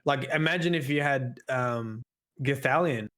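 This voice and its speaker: A man's voice: mid-range voice, a little slow, fairly bright tone. Australian man musing in podcast chat. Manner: musing, stammering restarts. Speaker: podcast co-host. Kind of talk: casual chat.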